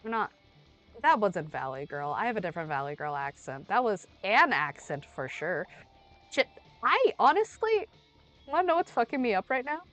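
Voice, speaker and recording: Feeling under the weather, a young woman streams a game and rambles playfully and casually at a normal speed. Her sing-song voice swings widely in pitch, leaping to sudden loud bursts, with soft music faint in the background.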